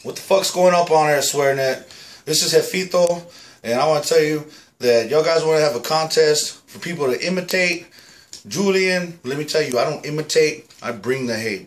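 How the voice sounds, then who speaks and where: A man's voice: a little high, close to an everyday voice. A man playing a swaggering foul-mouthed ex-con. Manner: profane, aggressive, keeps saying "all right?". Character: boastful foul-mouthed male ex-con claiming to be the real Julian. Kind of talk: comic character monologue to camera.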